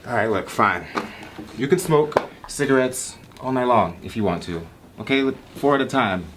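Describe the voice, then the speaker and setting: A man's voice: medium pitch, expressive, moderate pace, fairly bright tone, close to an everyday voice. A young acting student playing an exasperated young man who pleads with his moody girlfriend in a stage scene. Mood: flustered. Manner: flustered, pleading, wry. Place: classroom stage. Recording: noisy room ambience.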